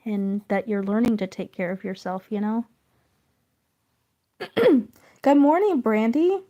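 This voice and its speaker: A woman streaming while she draws, chatting casually and gently encouraging her viewers. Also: medium pitch, dull audio. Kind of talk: casual chat.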